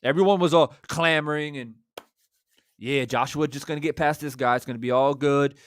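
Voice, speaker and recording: A man's voice: on the high side, moderate pace, no room sound. A man hosting a live-stream about boxing who reads out viewer chats. He talks in a brash, confident way and speaks straight to his viewers. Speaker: boxing YouTuber. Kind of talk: live-stream commentary reading super chats.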